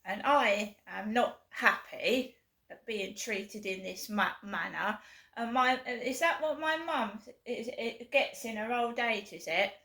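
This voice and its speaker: A woman's voice: fairly high pitch, slow, pushed and bright, echoey room. A British woman in her fifties ranting angrily to camera on her vlog, swearing hard and jabbing with sarcasm. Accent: British English. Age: 50s. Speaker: vlogger. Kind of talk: angry rant to camera.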